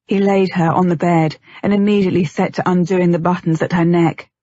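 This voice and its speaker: A woman reading a novel aloud in a steady, measured way as an audiobook narrator. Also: lowish voice, no room sound. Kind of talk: scripted narration. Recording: dull lo-fi, dry.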